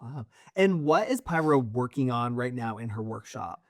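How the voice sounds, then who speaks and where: A man's voice: medium pitch, animated, no echo, clean studio sound. Man narrating as game master. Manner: descriptive, measured narration.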